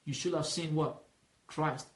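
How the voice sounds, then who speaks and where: This Bible teacher's voice is a little high with fairly even intonation, and the room adds a spacious echo. He asks questions for the listener to complete and explains with patience, slowly repeating his points.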